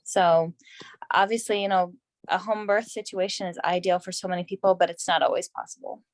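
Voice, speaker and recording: Woman, birth worker, video call, earnest, halting, low pitch. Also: steady tone, no room sound. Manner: earnest, halting, many restarts and "you know". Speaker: birth professional panelist.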